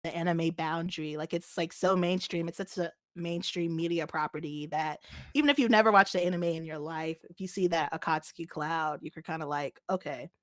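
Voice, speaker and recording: A young woman co-hosting a casual chat, animated and laughing often. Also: sits low, brisk, no echo. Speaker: podcast co-host.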